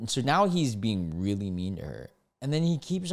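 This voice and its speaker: A man doing casual reaction commentary on online posts, full of slang like "dude" and "bro", with sudden high, loud outbursts. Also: big pitch swings, normal speed, creaky.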